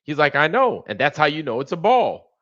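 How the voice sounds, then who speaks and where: A man's voice: a little high, sing-song, brisk, pushed and bright, highs cut off. A man hosting a livestream, talking casually and animatedly while acting out both sides of a conversation. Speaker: livestream host. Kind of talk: casual monologue.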